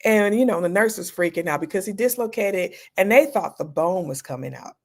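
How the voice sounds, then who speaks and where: Woman ER doctor as interview guest, gravelly fry, lively storyteller who acts out her reactions. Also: mid-range voice, a little fast. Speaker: emergency room physician, guest.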